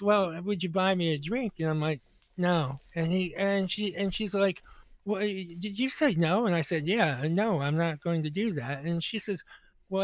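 On a podcast, a man with a high voice casually tells a long anecdote, acting out both sides of the conversation. The recording is dry.

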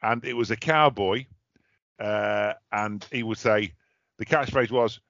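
A man's voice: fairly low pitch, a little slow, a bit bright, dry recording. A man, co-hosting a casual podcast chat, chatty and often breaking off to look things up. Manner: chatty, looks things up while talking, self-interrupting. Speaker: podcast co-host. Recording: dull lo-fi dry recording.

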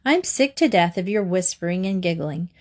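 A woman voicing a brisk, no-nonsense mother who scolds her daughter in a storybook reading. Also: lowish voice, expressive. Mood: cross.

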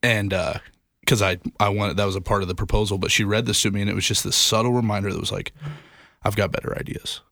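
Young male co-host, low and gravelly, earnest storyteller, dry close sound. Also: fairly even intonation, fast talker, pushed and bright, dry recording. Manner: earnest, self-deprecating storyteller. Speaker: podcast co-host. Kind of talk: casual faith podcast chat.

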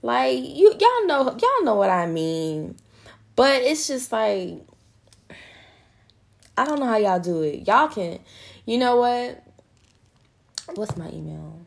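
A young woman hosts a podcast in a loose, frank monologue. Her voice carries a slight fry at the edges. She swears freely and keeps calling her listeners girl, baby and honey. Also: on the high side, very animated, slow pace, long pauses. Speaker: podcast host. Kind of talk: casual motivational monologue.

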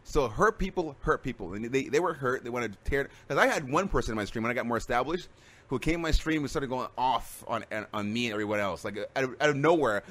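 A man streamer chatting casually, rambling through animated stories with many restarts. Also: medium pitch, quick pace. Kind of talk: casual chat.

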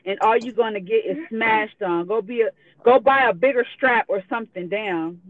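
Her voice sits on the high side and moves at a normal speed, with no echo around it. She's a guest on a live call, reading messages out bluntly, swearing freely and breaking into laughter between each one. It all comes over a tinny phone connection.

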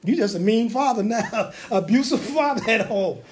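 A man preaching a sermon, animated and humorous, with laughing asides and colloquial speech, acting out the lines he quotes. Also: sits high, moderate pace. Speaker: pastor.

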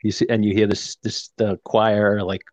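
A man's voice: fairly low pitch, normal speed, dry recording. A man co-hosting a podcast, casually recapping a film scene by scene and acting out the characters' lines as he goes. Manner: animated retelling with quoted dialogue. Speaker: podcast co-host.

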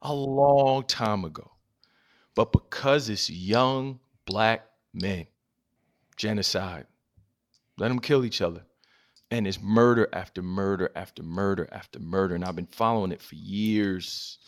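Appearing as a podcast guest and advocate, a man with a lowish, slightly slow voice tells personal stories. His impassioned delivery is earnest and emphatic, repeating phrases for stress.

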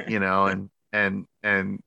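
An American man in his thirties, a podcast co-host, telling a story casually with lots of fillers and lively quoted voices. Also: low-pitched, slow, creaky, smooth, dry recording. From United States. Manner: animated, filler-heavy storytelling.

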